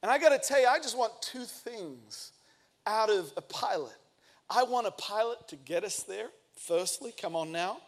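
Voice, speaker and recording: Energetic male pastor telling a story. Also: high voice, moderate pace. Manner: energetic storytelling, acts out quotes. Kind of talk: sermon with personal story.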